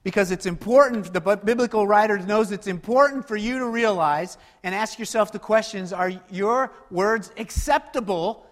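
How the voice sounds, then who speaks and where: A man preaching a sermon as pastor, swinging between loud emphatic passages and hushed, quiet asides. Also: high-pitched, moderate pace, few pauses, in a large hall.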